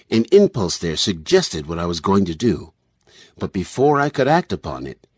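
A man voicing a calm, confident male brain surgeon who explains in a measured way. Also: on the low side, breathy edge, no room sound, clean studio sound.

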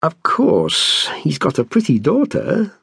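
A man's voice: on the high side, huge pitch swings, takes it slowly, gravelly, fairly bright tone, breathy edge, no room sound, studio quality, pitched above the performer's own voice, heavily acted. A man voicing a scheming older male landlord who haggles with wry, wheedling talk. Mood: sly.

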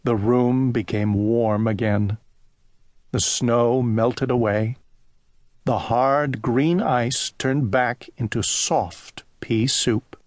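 A man narrating a children's storybook audiobook in a gentle, deliberate storytelling manner. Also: medium pitch, fairly even intonation, no echo, clean studio sound.

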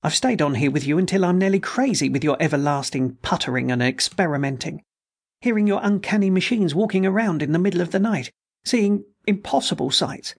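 Young woman, frightened but fiery, played by a man, strained and husky; classic sci-fi audiobook. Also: lowish voice, voice pushed up. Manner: shaky, rising to hysterical and defiant.

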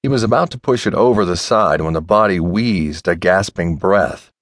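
A man narrating an audiobook in a measured, expressive reading. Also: low-pitched, dry recording, studio quality. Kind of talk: scripted narration.

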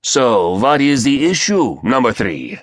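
A man voicing a raspy, impatient male leader of a sinister secret council, commanding and cold. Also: mid-range voice, animated, slow pace, no echo, clean studio sound, voice pushed up. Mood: stern.

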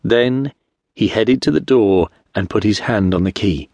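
A man narrating an audiobook in a measured, expressive storytelling manner, close to a studio mic. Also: fairly low pitch, gravelly, dry recording. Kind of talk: scripted narration.

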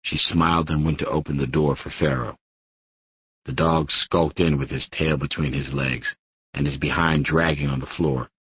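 A man reading an audiobook in steady first-person narration on a studio microphone. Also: a bass voice, breathy edge, no room sound, lo-fi sound. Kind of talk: scripted narration.

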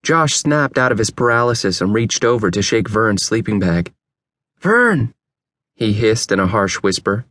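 A man reading a teen novel aloud as an audiobook narrator, telling the story in a steady, even way. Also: mid-range voice, dry recording. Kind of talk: scripted narration.

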